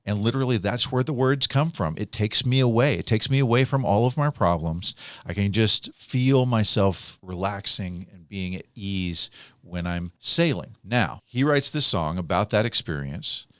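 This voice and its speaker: A man co-hosting a podcast, chatting casually and telling stories with lively acted-out quotes. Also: lowish voice, no room sound, clean studio sound. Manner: animated storyteller, acts out quoted voices. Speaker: podcast co-host.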